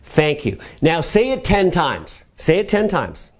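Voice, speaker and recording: Lively, animated man coaching listeners. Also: fairly high pitch, unhurried. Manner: energetic, coaching the listener with repeated commands. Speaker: personal growth teacher. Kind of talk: motivational web lesson. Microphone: camera mic.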